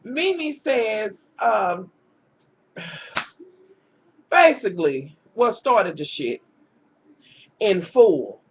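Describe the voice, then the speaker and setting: A woman recaps a reality show in a swear-filled, casual rant aimed directly at her viewers, whom she calls "y'all," sounding animated and exasperated. She speaks very slowly in a mid-range voice with long pauses; the dull lo-fi home recording has slight background noise.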